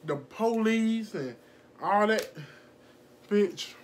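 A young woman telling a casual storytime vlog, animated and profane, laughing often and acting out the people in her story. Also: mid-range voice, very slow, a little hiss or hum. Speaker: vlogger.

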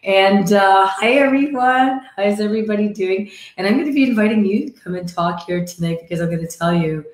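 A woman with a croaky, hoarse voice from croup, chatting casually with viewers on a live stream and greeting them by name. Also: medium pitch, fairly quick, few pauses, reverberant. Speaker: livestream host. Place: decorated home room.

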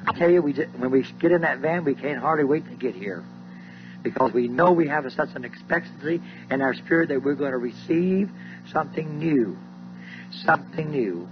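Older man, high-pitched, fervent church testimony, lo-fi 1980s tape. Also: animated, moderate pace, background noise. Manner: fervent, preacherly, repeats lines, voice rises to high cries.

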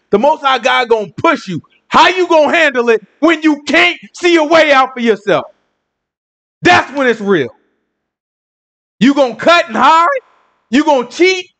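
A man's voice: extremely high pitch, fairly bright tone. A male preacher telling a Bible story in a casual, dramatic, conversational sermon.

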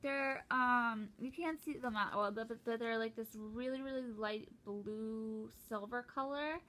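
A young woman chatting casually and excitedly while opening a gift at home, rambling with lots of fillers and restarts. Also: on the high side, a little slow. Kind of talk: casual unboxing chat.

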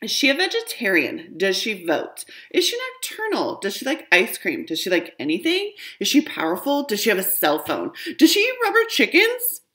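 A woman voicing an imaginative, excitable little girl who fires off breathless questions in a storybook reading. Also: medium pitch, pitched above the performer's own voice. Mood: eager. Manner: breathless rapid-fire questions, squealing.

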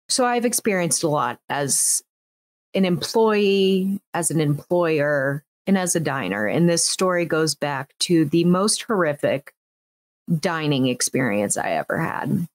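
Woman, 30s, podcast host; animated storyteller, slightly low voice, dry room. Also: no room sound. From United States. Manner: animated, acts out quotes, frequent "like" fillers. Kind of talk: casual storytelling chat.

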